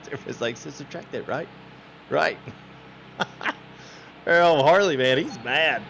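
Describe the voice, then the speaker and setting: A man's voice: a little high, expressive, slow pace, creaky, long pauses, noisy background. A man hosting a game livestream, chatting casually, laughing often and quoting his viewers. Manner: laughing, chatty, quotes chat. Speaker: livestream host.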